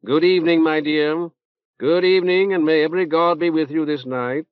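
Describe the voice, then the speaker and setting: A man's voice: on the high side, steady tone, moderate pace, clean tone, pitched above the performer's own voice, close to an everyday voice. A man voicing a pompous older male cleric with a reverberant nasal voice, fussy and full of hesitant ums. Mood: unctuous. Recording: dull dry tape transfer.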